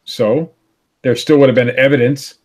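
A man's voice: mid-range voice, steady tone, normal speed, a little mellow. A man in his fifties co-hosting a podcast, bantering stubbornly and laughing often. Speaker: podcast co-host. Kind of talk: casual banter.

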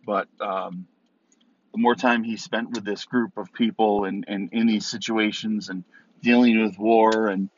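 A man's voice: lowish voice, fairly even intonation, unhurried. Man rambling on a solo podcast. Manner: rambling, with many ums and restarts. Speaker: podcast host. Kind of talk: casual solo podcast talk. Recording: dull, dry recording.

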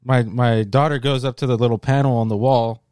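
A man's voice: mid-range voice, steady tone, brisk, darkish tone, clear, resonant tone, no room sound. A man in his thirties joking and teasing his friend in casual, profane chat.

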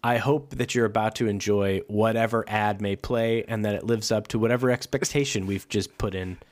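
In a loose, rambling podcast chat, a male co-host leans on fillers and keeps restarting his sentences. He speaks a little fast with a fairly low, darkish voice and fairly even intonation.

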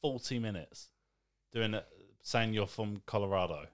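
A man's voice: on the low side, unhurried. A young man co-hosting a podcast, talking bluntly and animatedly, acting out exchanges as he argues. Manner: animated, blunt, acts out dialogue in bursts. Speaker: podcast co-host. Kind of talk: casual chat.

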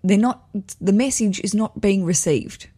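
A woman's voice: medium pitch, measured pace, mellow, husky. Woman host, frank and profane, digresses and laughs at herself while she gives wedding advice. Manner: candid, swearing, self-mocking. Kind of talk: casual chat reading listener letters.

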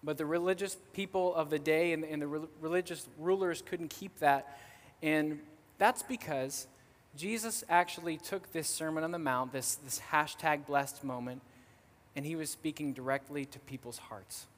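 A man's voice: fairly high pitch, fairly even intonation, moderate pace. A man preaching a sermon as pastor, earnest and repetitive, and leading a prayer in a church. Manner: earnest, warm-hearted preaching with repeated phrases. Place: church sanctuary. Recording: church hall reverb.

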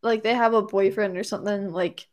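A woman's voice: medium pitch, steady tone, brisk, darkish tone. A woman telling a story in casual chat, rambling and full of "like" and "anyways".

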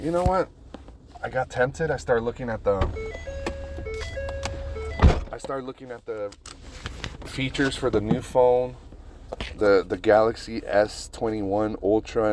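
A man with a very low voice hosts a casual solo podcast and brainstorms out loud, rambling and swearing freely. He records on a phone, and clear traffic and car noise sit behind him. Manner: rambling, profane, brainstorming aloud. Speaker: podcast host.

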